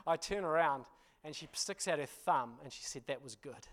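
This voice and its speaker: A man with a fairly high voice preaches to his congregation. He tells stories in an animated, self-deprecating way, laughing at himself, and keeps checking in with his listeners. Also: brisk. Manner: addresses congregation with frequent "you know" and "hmm?". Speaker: pastor. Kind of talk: storytelling sermon.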